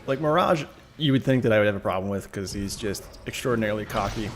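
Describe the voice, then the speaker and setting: Talking quickly in a voice on the low side, this Canadian streamer chats casually through a shooter game, reading his chat out loud. He's laid-back and wry, frequently breaking into laughter, with a little hiss or hum in the audio.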